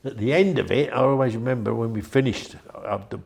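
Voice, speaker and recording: A man's voice: mid-range voice, fairly quick, vocal fry, darkish tone. An older man, chatty and rambling as he tells anecdotes in an interview. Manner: rambling, chatty, with frequent restarts. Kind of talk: anecdotal storytelling.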